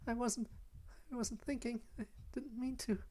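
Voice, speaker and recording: A woman voicing a frightened, bleeding young woman from a game, in a soft, trembling, half-whispered voice that breaks into halting phrases. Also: a little high, fairly even intonation, voice pushed up, lightly acted. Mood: terrified, tearful. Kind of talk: game dialogue voice-over.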